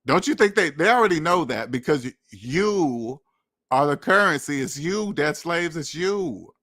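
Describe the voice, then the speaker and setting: Young guy ranting about money, preachy and scolding, kinda high voice. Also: animated, measured pace, fairly bright tone. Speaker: finance channel host. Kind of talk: blunt financial commentary.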